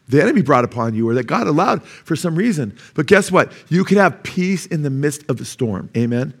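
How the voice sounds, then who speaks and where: A pastor preaching a sermon, often asking the congregation "Amen?" and acting out the voices of doubters. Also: male voice, on the high side, a bit bright. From United States.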